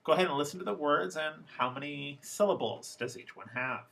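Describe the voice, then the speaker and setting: A man teaching an English pronunciation lesson, speaking slowly and deliberately and repeating each example word. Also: a little high, gravelly, very noisy. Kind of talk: classroom lecture.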